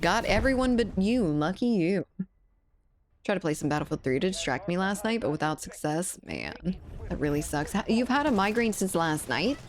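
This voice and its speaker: Her voice sits fairly low but swings widely in pitch, at a normal speed with slight background noise. She's a South Louisiana streamer in her twenties, joking and cursing a lot as she plays a shooter and reads viewer chat over faint gunfire from the game.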